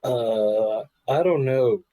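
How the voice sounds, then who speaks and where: A man's voice: medium pitch, extremely slow, warm tone, no echo, low-quality recording. A young man co-hosting a casual podcast, joking and sarcastic. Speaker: podcast co-host.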